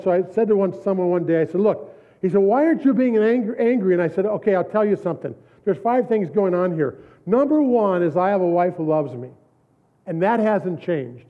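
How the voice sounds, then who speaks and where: Middle-aged guy preaching, high voice, storytelling, repeats himself for emphasis, laughs a lot, tinny phone-line sound. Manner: storytelling, repetitive emphatic phrasing, laughs often. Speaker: pastor. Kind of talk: sermon.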